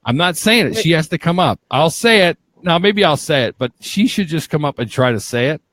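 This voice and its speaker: A man's voice: fairly high pitch, expressive, brisk, fairly bright tone, no room sound. Teasing, profane man hosting a podcast. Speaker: podcast host. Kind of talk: casual live-stream banter.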